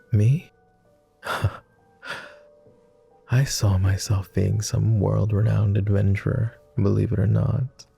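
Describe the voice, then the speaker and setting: A man voicing a jaded, tender immortal vampire in a whispered role-play, with a posh British accent and a slow, gentle, teasing manner. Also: full character voice. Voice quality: low, gravelly and soft.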